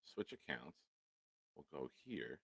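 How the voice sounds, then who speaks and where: An animated man hosts a casual sports livestream, his pitch jumping around as he thanks viewers and swears offhandedly. His voice is bright and forceful, and the recording is close and dry. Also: takes it slowly, vocal fry, husky, dry recording. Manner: animated, swears casually, reads out supporter names. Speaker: sports talk show host.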